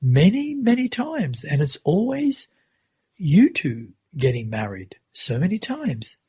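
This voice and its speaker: A man voicing his jovial older father from another world, asking in a high, amused tone. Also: wildly swooping pitch, takes it slowly, dark tone, husky, lo-fi sound, exaggerated voice. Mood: fondly amused.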